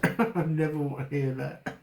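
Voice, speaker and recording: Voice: mid-range voice, level tone, measured pace, gravelly, roomy sound, noisy background. A person giving casual reaction commentary on a comedy clip, amused and giggly.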